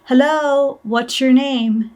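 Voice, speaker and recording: A woman's voice: high voice, fairly even intonation, slow pace, a little mellow, soft background music, voice pushed up. A woman quoting a creepy man calling out. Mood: insistent. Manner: insistent, repetitive calling.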